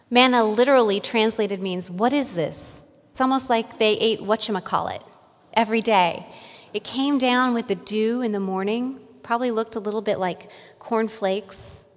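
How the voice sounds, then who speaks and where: Woman pastor, conversational sermon, quizzes the pews, long hall echo. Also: mid-range voice.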